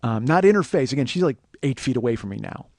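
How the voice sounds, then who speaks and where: A man in his forties hosting a comedy podcast, telling a profane story and breaking into shouts as he reenacts an argument. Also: medium pitch, expressive, fast, vocal fry, no echo. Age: 40s. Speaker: podcast host.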